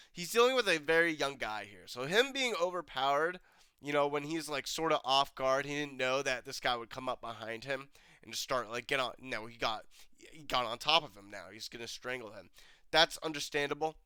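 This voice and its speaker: A man's voice: mid-range voice, expressive, normal speed, pushed and bright, clear, resonant tone, no room sound. A man casually reviewing a TV episode, rambling with fillers and restarts, a bit stuffy-nosed from a cold. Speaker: TV review host. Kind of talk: casual commentary.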